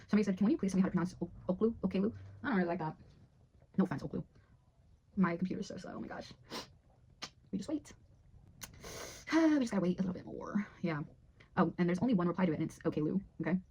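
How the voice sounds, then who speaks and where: A woman's voice: fairly low pitch, expressive, fast talker, pauses often, warm tone, dull audio. A young woman vlogger rambling through her year in a casual, chatty way, swearing freely. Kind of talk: casual year-in-review chat.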